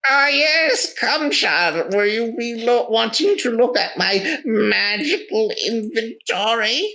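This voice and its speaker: A woman's voice: animated, slow, bright, forceful tone, full character voice. A woman voicing a theatrical male wizard shopkeeper who talks like a pushy salesman. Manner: grandiose, sales-pitch delivery.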